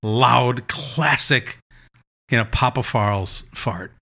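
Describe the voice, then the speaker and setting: A man's voice: mid-range voice, slow pace, vocal fry. A man telling funny family stories in a casual chat, acting out the lines of the people in them. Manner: animated anecdotes, acting out quotes. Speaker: guest. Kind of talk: casual storytelling.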